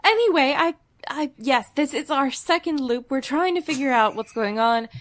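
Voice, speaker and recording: A woman in a tabletop game speaking in a somewhat high voice, polite and a little hesitant. She fumbles for words now and then before she makes her point. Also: animated, moderate pace. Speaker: player.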